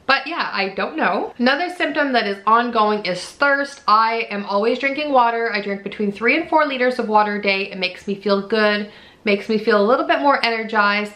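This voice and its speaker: A woman in her thirties with a mid-range, slightly bright voice films a casual pregnancy update vlog at home on her camera mic. Her manner is chatty and candid, with frequent "like" and "you know."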